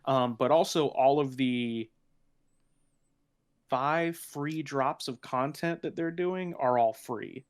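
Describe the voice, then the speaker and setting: A man's voice: medium pitch, slow, smooth. A man talking casually on a gaming podcast. He restarts his sentences often and laughs between points. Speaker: podcast panelist.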